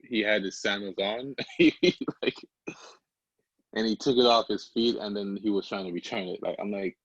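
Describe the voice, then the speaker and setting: A young man from Antigua, guesting on a podcast, talks easily and laughs a lot between his words. His voice is lowish and dry, and the sound is a little dull and muffled. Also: steady tone, normal speed, fairly bright tone, no echo. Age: young adult. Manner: easygoing, laughs often, many fillers. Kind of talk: casual interview chat.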